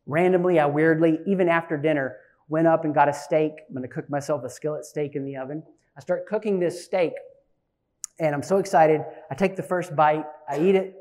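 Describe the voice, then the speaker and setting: Animated storytelling pastor, a man. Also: fairly high pitch. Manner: animated storyteller, swinging from loud bursts to hushed asides. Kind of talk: sermon with personal storytelling.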